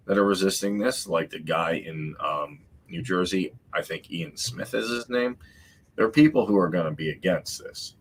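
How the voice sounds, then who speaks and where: A man's voice: low voice, slight background noise. A man hosting a podcast, giving emphatic opinion commentary that repeats its points, with mocking asides. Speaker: podcast host.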